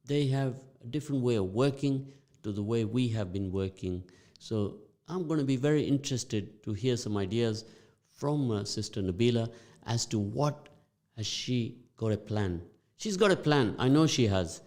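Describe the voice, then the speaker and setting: A man's voice: medium pitch, animated, moderate pace, a little mellow. A man hosting a morning community radio show, upbeat and playful, repeating phrases for effect. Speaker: radio host.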